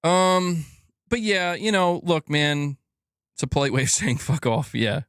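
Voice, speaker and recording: A young man giving a profane, animated gaming news rant, laughing and talking back to his viewers. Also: fairly high pitch, a little slow, clean tone, no room sound, clean studio sound. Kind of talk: casual ranting commentary.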